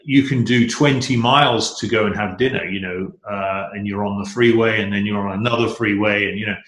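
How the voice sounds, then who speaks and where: A middle-aged man with a fairly low voice talks as a guest, eager and rambling, often restarting his sentences. His voice rings in an echoey room. The talk is loose and conversational. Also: fairly even intonation, brisk, fairly bright tone. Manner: enthusiastic, rambling, many restarts. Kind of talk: casual conversation.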